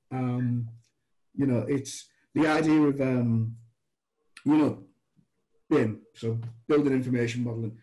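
Mellow British man telling stories. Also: mid-range voice, measured pace, long pauses, low-quality recording. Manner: chatty, restarts, animated quoted dialogue. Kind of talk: casual anecdotal storytelling.

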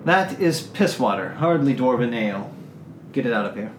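A man's voice: mid-range voice, very animated, moderate pace, reverberant, noisy background, lightly acted. A man voicing a haughty, commanding noblewoman in a tabletop game. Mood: stern. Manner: haughty, clipped orders. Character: stern commanding noblewoman, imperious.

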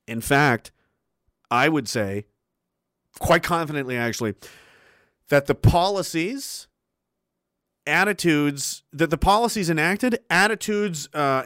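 A man, streaming a profane, forceful rant and repeating himself as he builds his point. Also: a little high, smooth, no room sound, studio quality. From Canada. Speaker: livestreamer. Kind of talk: heated monologue rant on stream.

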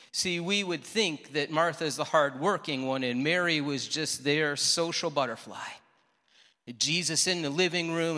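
Lively pastor preaching in a reverberant hall. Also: male voice, on the high side. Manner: conversational, dramatic pauses, acts out quotes. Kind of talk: sermon. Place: church sanctuary.

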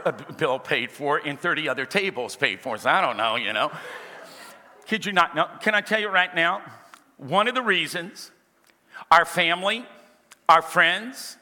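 A high-pitched, piercingly bright male preacher delivering a sermon, moving between humorous anecdotes and forceful, emphatic calls to his congregation. His voice rings out in a church hall with long, trailing reverb. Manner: humorous storytelling building to emphatic exhortation.

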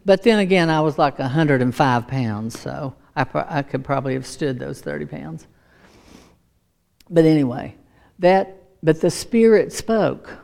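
Woman preacher, middle-aged, warm-toned storyteller, animated, laughs easily. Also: sits low, unhurried, gravelly. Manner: animated storytelling, acts out voices, laughs often. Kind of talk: sermon with personal testimony.

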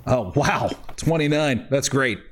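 Male game master, relaxed table talk, average pitch, ums and uhs. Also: unhurried, background noise. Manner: casual, hesitant with fillers.

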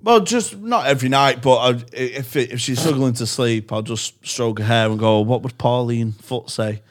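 A man's voice: medium pitch, moderate pace. A man co-hosting a comedy podcast, rambling and playful in casual chat. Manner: rambling, playful, acts out quoted voices. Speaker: podcast co-host.

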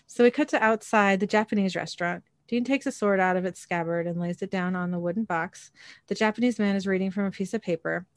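Woman host, mid-pitched, dry close sound, brisk scene-by-scene recap. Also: no room sound. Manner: narrates scenes and quotes lines in a light voice. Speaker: podcast host recapping an episode. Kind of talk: casual recap with read-out scene narration.

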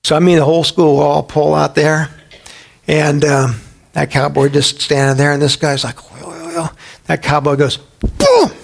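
Man, middle-aged, from Texas, raspy fry in the voice, pitched a bit high, chatty Bible teacher who keeps questioning the room. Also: little pitch movement, moderate pace. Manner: chatty, asks the audience questions, tells anecdotes.

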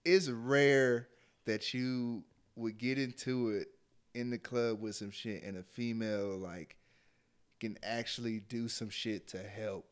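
A man's voice: medium pitch, steady tone, takes it slowly, clear, resonant tone. A man in laid-back casual chat, using profane slang.

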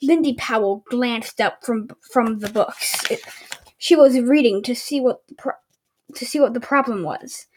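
A woman's voice: a little high, a little slow, a little hiss or hum. A woman hosting a casual home podcast, reading a book aloud with stumbles and sarcastic asides. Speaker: podcast host.

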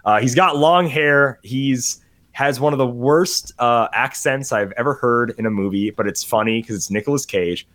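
A man's voice: medium pitch, normal speed, fairly bright tone. A man chatting casually on a podcast about movies he watched, rambling, getting sidetracked and laughing often. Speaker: podcast host. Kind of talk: casual movie review chat.

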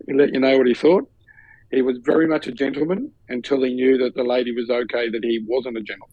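A man's voice: medium pitch, brisk, no room sound, dull audio. An Australian man co-hosting a podcast, telling a story in casual chat and acting out the voices of the people in it with laughter. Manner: animated, acts out quoted voices with laughter. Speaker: podcast co-host.

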